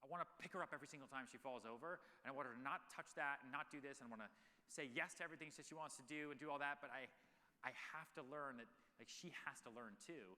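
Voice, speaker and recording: A man's voice: medium pitch, fast, pushed and bright. A man in his thirties telling stories animatedly with many fillers in a live on-stage Q&A at a large event hall. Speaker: guest speaker.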